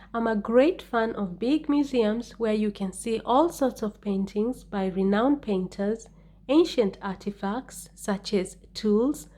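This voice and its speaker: A woman teaching an English speaking-test lesson in a clear, deliberate way, stressing key words with rising intonation. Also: medium pitch, dark tone. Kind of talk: exam-prep lesson.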